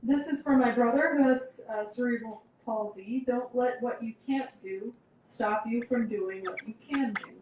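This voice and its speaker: A woman's voice: on the high side, moderate pace, hardly any pauses, background noise. A woman briefly relaying fan requests and spelling out names, matter-of-fact. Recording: echoey room, off-mic.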